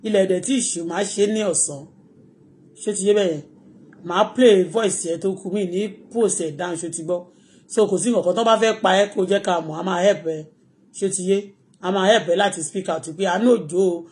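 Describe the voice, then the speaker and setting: A Nigerian woman with a Yoruba accent hosting her own live stream, ranting excitably and mixing English with Yoruba. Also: mid-range voice, quick pace. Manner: excitable, switching between English and Yoruba, bursts of shouting and laughter. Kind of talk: animated live-stream rant.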